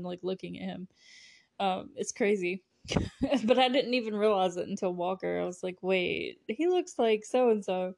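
Woman podcast host, casual recap, giggly and gushing, average pitch. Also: vocal fry, a little mellow. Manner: giggly, gushing, lots of "like" fillers. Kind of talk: casual movie recap chat.

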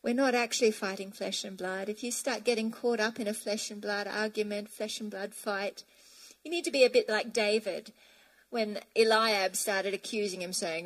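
A woman's voice: mid-range voice, fairly even intonation, normal speed, low-quality recording. A woman preaching a sermon emphatically, reading scripture aloud.

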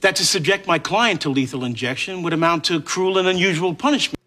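A man's voice: high-pitched, brisk, sharp tone. An actor playing an earnest male defense attorney pleading formally before a court.

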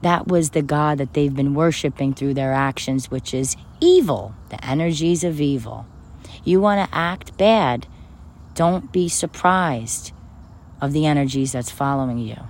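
A woman with a notably low voice talks about God and forgiveness, emphatic and personal, sometimes preachy. A faint hiss sits under her voice. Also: a little slow, darkish tone. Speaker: spiritual speaker. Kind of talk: spiritual talk to camera.

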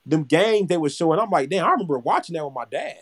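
A man's voice: fairly high pitch, animated, fast talker, slightly rough. Podcast co-host, man in his twenties, loose rambling delivery, frequent profanity. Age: 20s. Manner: rambling, repeats words, swears freely. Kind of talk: casual chat.

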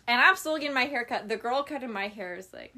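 A woman podcast host casually telling a story, acting out the people she quotes and swearing offhandedly. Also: high-pitched. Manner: animated, acts out quoted people.

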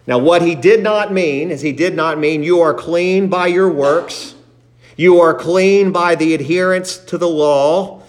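Male pastor, slightly high voice, emphatic sermon delivery with scripture reading. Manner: emphatic preaching, reads scripture aloud, repeats for emphasis.

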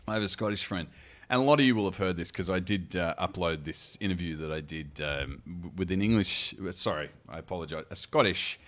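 A man's voice: low voice, fairly quick. A man, co-hosting a casual chat, teasing and telling stories. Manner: teasing, animated storyteller. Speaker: co-host. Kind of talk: casual chat reading comments.

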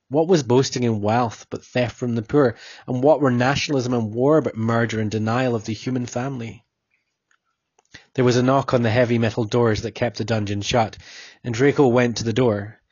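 A man narrating a story with a husky, mid-pitched voice. He reads steadily, close and dry, on a slightly dull recording. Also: a little mellow, dry recording. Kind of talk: storybook reading.

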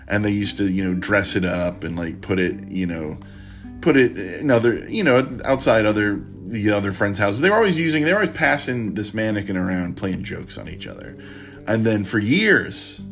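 A man hosting a podcast, recapping and recommending a book in a halting, rambling way with many restarts. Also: fairly low pitch, gravelly. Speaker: podcast host.

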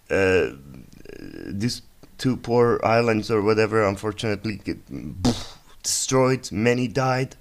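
A young man with a fairly low voice, talking off the cuff as the host of his own podcast. He wanders from story to story, swearing freely and joking as he goes, in a loose, chatty monologue. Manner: rambling, profane, jokey storytelling. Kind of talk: casual solo podcast monologue.

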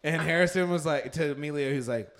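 A man's voice: on the high side, quick pace. A young man chatting casually with friends, laughing and acting out quoted lines as he tells stories. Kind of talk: casual chat among friends.

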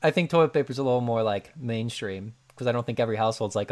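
A man's voice: medium pitch, quick pace. A man co-hosting a podcast, chatting casually with lots of fillers, reading listener answers aloud. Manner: filler-heavy, laughs often. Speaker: podcast co-host. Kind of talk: casual chat.

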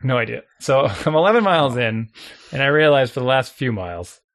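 Gravelly man telling a lively anecdote. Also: mid-range voice, fairly quick. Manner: animated, acts out his own thoughts, chuckles often. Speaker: storyteller guest.

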